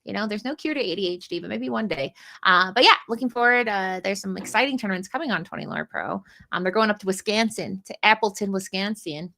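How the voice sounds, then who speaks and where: A woman's voice: medium pitch, animated, quick pace, gravelly, sharp tone. A woman co-hosting a game tournament livestream, chatting casually with self-deprecating jokes. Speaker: tournament stream co-host.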